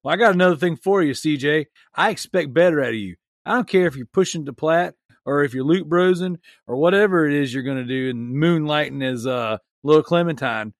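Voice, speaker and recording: A man's voice: on the high side, fairly quick, few pauses, dry recording, clean studio sound. A man co-hosting a podcast, teasing a friend in loose, joking banter. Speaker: podcast co-host.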